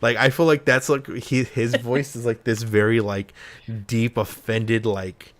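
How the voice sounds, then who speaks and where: A man's voice: mid-range voice, flat delivery, measured pace, fairly bright tone. A young man hosting a casual live stream chat, rambling and joking, swearing casually. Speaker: streamer host.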